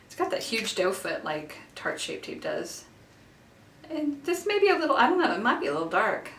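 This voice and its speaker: A woman in her thirties who has children, excitedly unboxing makeup in a casual vlog recorded in her bathroom, gushing with lots of fillers. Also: a little high, moderate pace. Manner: giddy and gushing, with many fillers. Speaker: beauty vlogger. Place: home bathroom. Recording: echoey bathroom, mic a bit far off.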